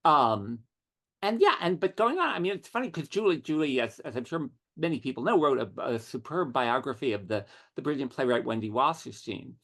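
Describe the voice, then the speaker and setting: A middle-aged man, a writer, telling witty anecdotes as an interview guest. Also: mid-range voice. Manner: witty, animated storytelling with quick asides. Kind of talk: conversational anecdotes.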